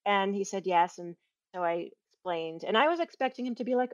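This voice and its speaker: A woman on a podcast who trains people in giving feedback, telling lively stories and acting out quoted voices, laughing often. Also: fairly high pitch, brisk, dry recording, highs cut off. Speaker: guest, workplace feedback trainer. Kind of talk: casual podcast conversation.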